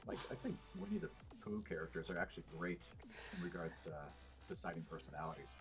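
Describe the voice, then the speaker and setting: A man's voice: sits low, huge pitch swings, fast, vocal fry, music in the background. A man in casual podcast chat, explaining things at length with many fillers and restarts. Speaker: podcast guest.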